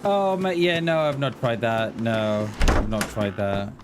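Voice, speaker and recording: A man talks slowly and loosely while he streams a game, stopping often and repeating himself. His pitch sits in an ordinary middle range. Steady game noise runs clearly under his voice. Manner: rambling, hesitant, repeats words. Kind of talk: casual live-stream chat.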